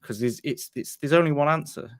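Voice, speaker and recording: A man's voice: fairly high pitch, a little fast, dry recording, studio quality. A man from England on a football fan show, talking in a blunt, heated, sweary way. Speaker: podcast panelist. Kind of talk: casual football chat.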